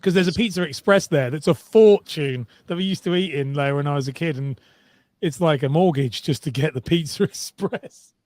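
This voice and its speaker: A man from Liverpool co-hosting a podcast, chatty and teasing, quick to laugh in casual conversation. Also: on the high side, darkish tone, no echo. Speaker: co-host. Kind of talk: casual chat.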